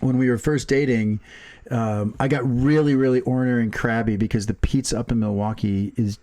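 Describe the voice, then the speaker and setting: A man's voice: mid-range voice, steady tone, a little fast, dark tone. A man co-hosting a casual chat, teasing his partner and laughing often while he tells stories. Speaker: podcast co-host.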